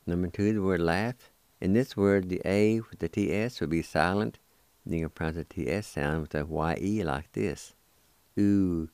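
A man hosting a radio language lesson, spelling words letter by letter and repeating each word slowly. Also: low-pitched, darkish tone, clear, resonant tone, no echo. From United States. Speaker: language teacher and radio host.

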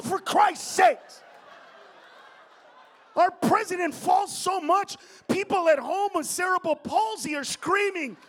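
Loud ranting male stand-up comic. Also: very high voice. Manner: loud, ranting, profane, shouting bursts. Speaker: stand-up comedian. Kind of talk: profane stand-up comedy set. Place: stage before a live audience.

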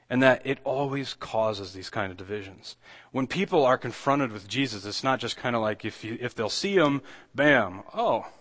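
A man's voice: mid-range voice, fairly bright tone. Man preaching a conversational sermon. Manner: conversational preaching with frequent restarts and rising emphasis. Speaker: pastor.

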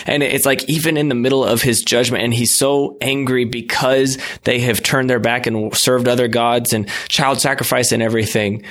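A man who is a guest on a faith podcast, talking in an earnest, reflective way with halting restarts. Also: mid-range voice, steady tone, a bit bright. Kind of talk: casual faith talk.

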